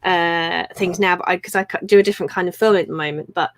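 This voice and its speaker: Chatty mum on a live stream. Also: female voice, on the low side, steady tone, fast talker, dry recording, low-quality recording. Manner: chatty, reads out viewer comments. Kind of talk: casual live stream chat.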